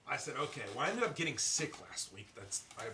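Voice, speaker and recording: A man hosting a podcast, telling a story in a casual, profane, animated way. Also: fairly high pitch, normal speed, slight background noise. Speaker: podcast host. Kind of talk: casual chat. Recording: echoey room, distant mic.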